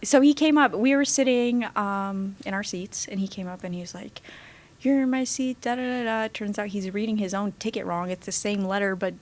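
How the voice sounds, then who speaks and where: A woman's voice: medium pitch, a little fast, few pauses. Young woman telling stories on a podcast. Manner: excited storyteller, acting out scenes with filler sounds. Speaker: podcast guest. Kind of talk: casual podcast chat.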